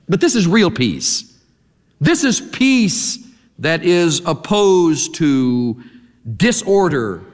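A male preacher gives a sermon, his voice swinging widely in pitch as he stresses word after word. His pitch sits mid-range for a man. The sound carries the long reverb of a large hall. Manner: animated, emphatic, leans on single words.

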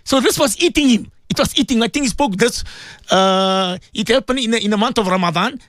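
A man's voice: high voice, animated, brisk, fairly bright tone, no room sound, clean studio sound. A man telling a story on a religious radio talk show, repeating himself and mixing in Arabic and Urdu phrases. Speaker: radio guest speaker.

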